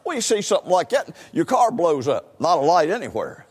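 A high, wildly swinging voice belongs to an older preacher, husky around the edges. He keeps calling out "listen" and stumbles into his phrases as he testifies. A long church reverb trails after every word. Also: huge pitch swings, fairly quick. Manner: emphatic, repeats "listen" and stammers into phrases. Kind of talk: sermon, telling personal testimony. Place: church sanctuary.

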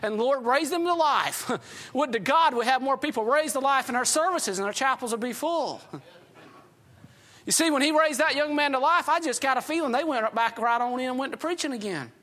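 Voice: high-pitched, a little fast, fairly bright tone. A pastor preaching a sermon in a folksy, storytelling way, often chuckling.

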